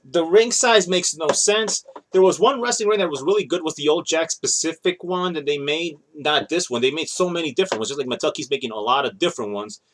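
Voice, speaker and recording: A man's voice: on the high side, brisk, few pauses, a bit bright, slight background noise. A man in his thirties rambling casually in a show-and-tell vlog, showing off his toys and often correcting himself mid-sentence. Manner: rambling, chatty, self-correcting. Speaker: toy collector vlogger.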